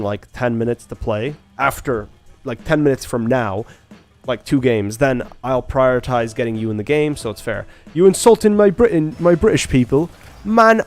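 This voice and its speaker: A man's voice: mid-range voice, a little mellow, dry recording. A man streaming a video game live, chatting casually and rambling to his viewers. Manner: rambling, talks straight to chat. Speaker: livestreamer.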